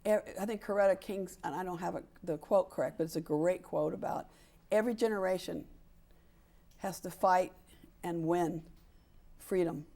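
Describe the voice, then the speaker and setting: A lowish, creaky, dark voice with fairly even intonation comes from a sports equality advocate in her seventies, who pauses often and speaks at a moderate pace. In this candid interview she is emphatic, acting out quotes and repeating points for stress.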